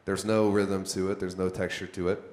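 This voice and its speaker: Man, low-pitched, workshop trainer, conversational, quizzes the audience, live room, echoey recording. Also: little pitch movement, moderate pace, darkish tone. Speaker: content creation trainer.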